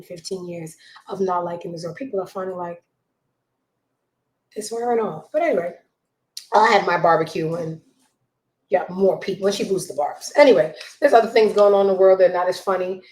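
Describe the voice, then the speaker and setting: A woman hosts a casual gossip show from her home, talking into a desk mic. She is blunt and openly judgmental, swinging from loud outbursts to hushed asides. Her voice sits a little low and the room rings with echo. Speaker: show host. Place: home room with a child nearby.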